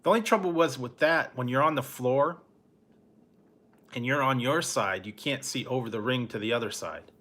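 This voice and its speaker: A middle-aged man chats on a late-night live stream, in a bright, forward tone at an ordinary pitch. He rambles through a story in a laid-back way, chuckling softly as he goes, and stops now and then to answer his chat. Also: moderate pace. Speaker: food review channel host.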